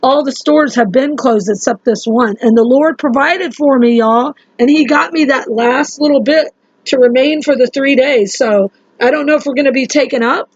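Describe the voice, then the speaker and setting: Woman vlogger, rambling and urgent, higher voice, dry lo-fi phone sound. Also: normal speed, breathy edge, no echo. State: sleep-deprived. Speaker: religious vlogger. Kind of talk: casual monologue to camera.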